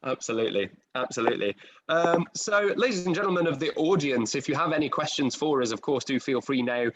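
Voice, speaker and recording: A man's voice: medium pitch, lively intonation, brisk. A man hosting a casual post-show panel over a video call, chatty and self-deprecating, with many fillers. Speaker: host and director.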